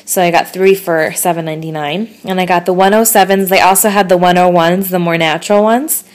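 A woman's voice: on the low side, fairly even intonation, a little fast. A woman chatting casually about her shopping haul, upbeat about her bargains. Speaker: beauty vlogger.

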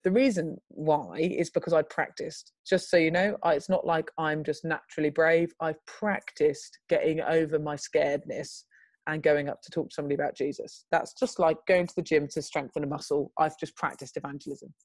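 A young woman tells a story with a lowish voice, jumping into high, loud bursts whenever she quotes herself. The sound is close and dry. She talks like an interview guest sharing a personal tale. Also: fairly even intonation, moderate pace, no echo. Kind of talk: animated storytelling.

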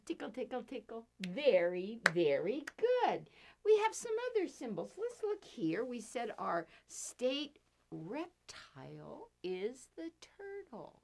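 A woman runs a children's storytime at a library. Her voice rises and falls in a bouncy, sing-song way. She takes her time, speaking slowly and clearly for little listeners. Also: fairly high pitch. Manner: sing-song, slow and animated, leading finger rhymes.

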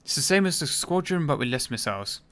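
A man's voice: a little high, very animated, fast, a bit bright. A man streaming a game, giving casual, joking commentary that is irreverent and profane.

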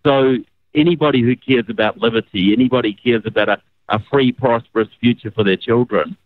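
New Zealand-accented male guest over a tinny phone line, dry, measured and earnest. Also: medium pitch, no room sound. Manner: measured, earnest, uses "look" and "you know". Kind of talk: phone-in radio interview.

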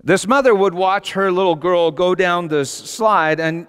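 A man's voice: high voice, normal speed, hardly any pauses, smooth. Middle-aged male pastor, passionate storyteller, big swings; large church hall, long reverb. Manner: passionate, storytelling, rising to shouts. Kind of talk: sermon.

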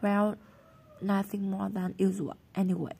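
A woman's voice: mid-range voice, little pitch movement, measured pace, gravelly, mellow, husky. A woman reading the part of a sullen, defiant schoolgirl in a storybook, in an offhand manner.

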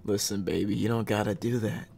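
A man putting on a calm, suave young game hero who murmurs low and quiet, unhurried and reassuring. The voice sits below his usual talk, with faint music in the background. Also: vocal fry. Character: cool, smooth-talking young male hero.

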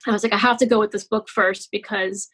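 A woman's voice: mid-range voice, steady tone, quick pace, a bit bright, husky, poor audio. A woman in her forties, a podcast guest and children's author, telling a personal story in a chatty, emotional way with many fillers and restarts. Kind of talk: casual interview storytelling.

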